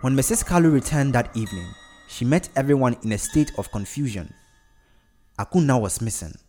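A man's voice: medium pitch, expressive, fairly quick, darkish tone. Man narrating a story over faint music.

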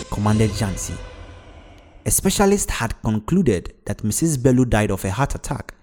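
Man narrating a dark story dramatically. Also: lowish voice, expressive, normal speed, noisy background. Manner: dramatic, acts out every character.

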